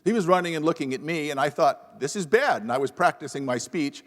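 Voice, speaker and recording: A man's voice: on the high side, animated, fairly quick. A man on a lapel mic telling a self-deprecating story with wry humor as a professor on a panel. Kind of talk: humorous anecdotal talk at a panel event. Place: university event hall. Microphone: lapel microphone. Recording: long reverb of a large hall.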